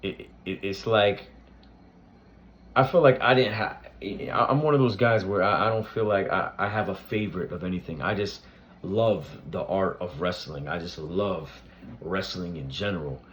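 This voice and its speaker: A man's voice: low-pitched, normal speed, a bit bright, a little hiss or hum. A man hosting his own reaction channel, talking loosely with lots of fillers and restarts. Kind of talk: casual tribute talk to camera.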